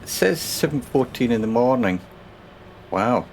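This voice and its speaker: A man's voice: mid-range voice, lively intonation, measured pace, a little hiss or hum. A man casually commentating his own driving game stream, chatting and rambling to himself and his viewers.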